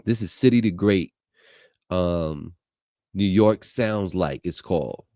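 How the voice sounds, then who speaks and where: A man's voice: sits low, slow pace, mellow, no echo, clean studio sound. A man hosting a radio show, chatting casually and introducing songs in a laid-back way. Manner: laid-back, chatty, peppered with "you know what I'm saying".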